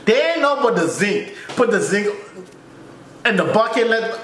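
Jamaican male reaction host, ranty and exclamatory, pitch all over the place, echoey room. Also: very animated, measured pace, a bit bright, a little hiss or hum. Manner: ranting, exclamatory, jumps in pitch. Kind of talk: animated reaction commentary.

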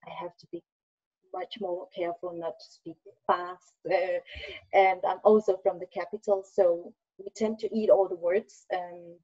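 A woman from Copenhagen with a Danish accent, a language teacher talking on a video call, laughing often and pausing with fillers. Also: medium pitch, darkish tone, husky. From Denmark, Copenhagen. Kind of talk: casual video call chat. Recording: dull lo-fi video call audio.

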